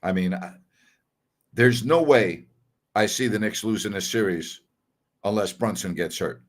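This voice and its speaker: A man's voice: fairly low pitch, a little slow. A man hosting a sports talk show, giving blunt, opinionated commentary in a casual, conversational way. He repeats his points for emphasis and takes back his own harsh words. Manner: conversational, with fillers and self-corrections.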